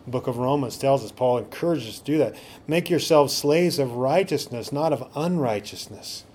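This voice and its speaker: A man's voice: medium pitch, animated, moderate pace, a little mellow, husky. A man preaching a sermon as a pastor, often asking the congregation rhetorical questions.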